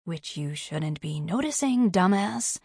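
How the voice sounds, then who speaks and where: A woman narrator reads the lines of a reserved undercover man, terse and dry, scolding himself under his breath. Her voice stays lowish and close, with a dry storybook sound. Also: lively intonation, unhurried, creaky, darkish tone, slightly rough, no echo, heavily acted. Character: reserved undercover male agent.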